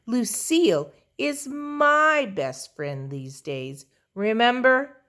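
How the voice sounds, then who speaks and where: A woman's voice: a little high, animated, takes it slowly, a bit bright, voice pushed up. A woman reading a children's storybook, voicing a scheming, boastful little boy who talks in a dramatic way. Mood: bossy.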